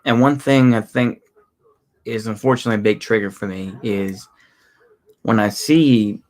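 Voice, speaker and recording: A man in his thirties with a Texan accent, talking casually to his livestream chat in a rambling, halting way with many restarts. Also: on the low side, a little mellow. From Texas.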